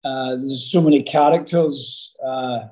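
Animated Scottish man with a mellow voice. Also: mid-range voice, unhurried, poor audio. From Scotland. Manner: animated, rambling, many fillers and restarts. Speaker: actor guest. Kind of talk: casual interview storytelling.

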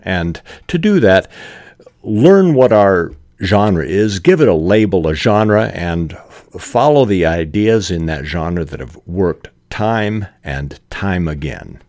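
Deep, slow-speaking male podcast host. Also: lively intonation, no room sound. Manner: measured, with occasional restarts and soft laughs. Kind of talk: scripted talk on writing.

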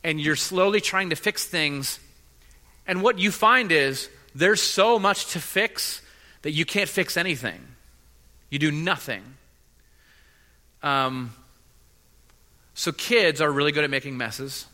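A man preaches earnestly in a bright, fairly high voice, often stumbling and repeating himself as he builds his point. His voice rings with long reverb in a large church hall. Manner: earnest, halting, repeats words. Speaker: pastor. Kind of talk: sermon.

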